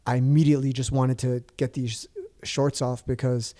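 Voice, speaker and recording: A man's voice: medium pitch, level tone, moderate pace, mellow. A man in his forties, a podcast guest telling a story in casual chat, rambling with restarts and fillers.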